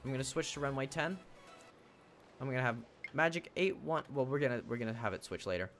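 A man's voice: medium pitch, fast talker, a bit bright, faint music behind. A teenage boy streaming a game, chatting casually with viewers and thinking aloud as he plays. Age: teens. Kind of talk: casual live-stream chat. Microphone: desk mic he must face toward.

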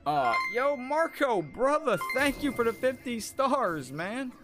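An excitable man hosts a gaming livestream and chats casually over the gameplay. His pitch swings widely, and he keeps greeting viewers by name. Game music plays clearly behind him. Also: slow. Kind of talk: casual live-stream chat over gameplay.

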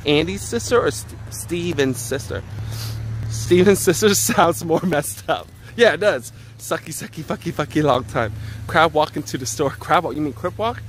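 Man, fairly high voice, loud joking streamer on a phone outdoors, light street noise behind. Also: moderate pace. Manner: joking, loud, excitable banter. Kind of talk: casual live-stream chat. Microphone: handheld phone.

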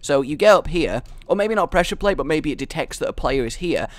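A young man giving casual, rambling commentary while building in a game, excitable and thinking out loud. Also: fairly high pitch, fast talker, no room sound. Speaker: gaming video creator. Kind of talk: casual let's-play commentary.

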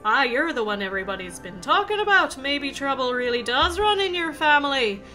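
Woman putting on gruff Hagrid. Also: high voice, sing-song, fairly quick, pushed and bright, soft background music, exaggerated voice. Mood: gruff, kindly. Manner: put-on rough rural accent, admitted to be poor. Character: big gruff male giant groundskeeper, kindly.

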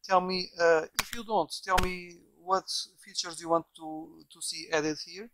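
This man, a software developer from Portugal and a native Portuguese speaker, talks a little slowly in a steady tone while casually walking through software. He rambles, with many restarts and repeated words. His voice is slightly high, with background noise picked up by a bad microphone.

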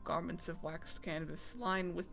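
Gravelly-voiced streamer reading game text. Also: medium pitch, flat delivery, measured pace, fairly bright tone, faint music behind. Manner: stumbles over words, self-mocking.

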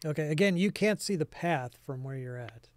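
A man narrating as game master, halting and searching for words. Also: a little high, animated, dry recording.

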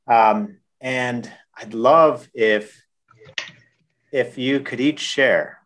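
A man hosting a podcast interview, asking questions haltingly and restarting them. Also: medium pitch, a bit bright. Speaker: podcast host.

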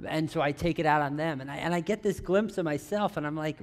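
High-voiced chatty male pastor. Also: fairly quick, few pauses. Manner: chatty, asks the audience questions, many restarts; playful, teasing asides. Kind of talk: conversational sermon.

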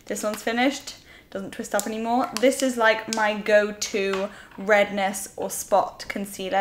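A young woman giving a casual makeup tutorial, chatty and enthusiastic with rambling asides. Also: mid-range voice. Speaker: beauty vlogger.

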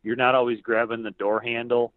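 A man, a podcast guest, chatting casually and telling lively stories in which he acts out what other people said. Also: medium pitch, fairly quick, dry recording. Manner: animated storyteller who acts out other people's lines. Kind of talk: casual storytelling chat. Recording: tinny phone-like line, dry.

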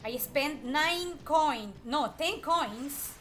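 A woman streaming a video game, excitedly chatting to the enemies she fights and repeating herself when frustrated, with game music faintly behind her. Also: high-pitched, very slow. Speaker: gameplay streamer. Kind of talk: live gameplay commentary.

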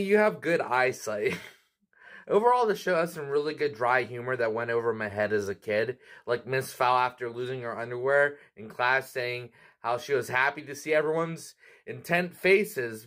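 A man's voice: mid-range voice, fairly bright tone. A man hosting a cartoon review channel, talking in a chatty, casual way with frequent laughs. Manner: chatty, laughs often, quick asides.

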